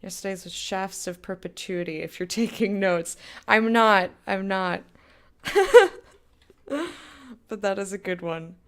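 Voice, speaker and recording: A woman's voice: medium pitch, animated, slow pace, long pauses. Young female game streamer, casual and rambling, easy laugher. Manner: chatty, laughs often, rambling tangents. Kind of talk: casual chat with stream viewers.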